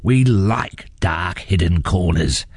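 A man's voice: low-pitched, vocal fry, darkish tone, husky, dry recording, clean studio sound, exaggerated voice. A man reading a storybook aloud, voicing a grumpy, growling father troll. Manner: growling, slow.

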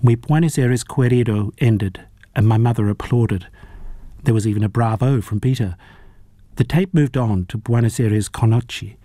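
A man narrating a novel as an audiobook reader, in a measured, even storytelling manner. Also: medium pitch, no echo, clean studio sound. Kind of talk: audiobook reading.

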